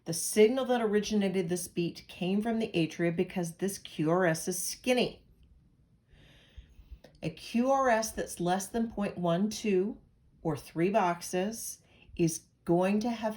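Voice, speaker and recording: A woman's voice: lowish voice, slow pace, a little mellow. A woman from Pennsylvania giving a recorded lecture as an instructor, talking in a conversational way with analogies and asides. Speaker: nursing instructor.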